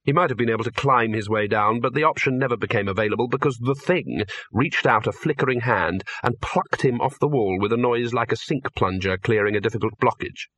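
A man reading an audiobook in a measured, dry storytelling manner. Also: mid-range voice, fairly bright tone, no room sound. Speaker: narrator. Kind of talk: audiobook narration.

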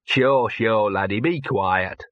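A man voicing an old, scruffy, cynical male dog who mutters in a gruff, weary way. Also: mid-range voice, expressive, a little slow, muffled recording. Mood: grumbling.

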